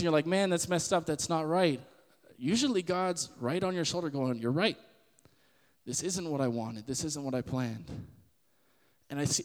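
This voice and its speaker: A young man hosting a podcast, giving a casual sermon-style Bible talk in an animated way and acting out the voices he quotes. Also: a little high, long reverb tail. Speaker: podcast host.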